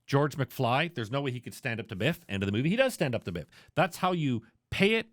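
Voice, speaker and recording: A man co-hosting a movie podcast, retelling scenes with lots of swearing and little acted bits. His pitch swings widely as he talks. The sound is dry and close, with no room echo. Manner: animated, profane, acts out scenes in quick voices. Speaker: podcast co-host. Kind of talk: casual movie review chat.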